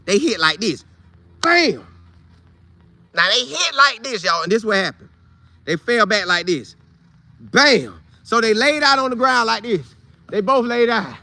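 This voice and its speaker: A man telling a funny old football story casually, with loud sound effects and vivid retelling. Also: high voice, lively intonation, normal speed, no echo. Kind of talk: animated storytelling.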